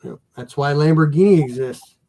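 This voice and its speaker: Gravelly-voiced man with a Pennsylvania accent, relaxed joking co-host. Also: a little high, normal speed. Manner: joking, easygoing. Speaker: co-host guest. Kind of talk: casual live chat.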